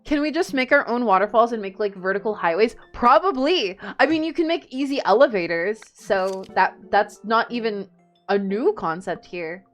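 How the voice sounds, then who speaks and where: A young woman talks through a game stream in a fairly high, lively voice. She is chatty and excitable, reacting to everything on screen as game music plays faintly behind her. Her mic sits close at her desk. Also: moderate pace. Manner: excitable, chatty, gasps and laughs often. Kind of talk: casual live-stream chat while gaming.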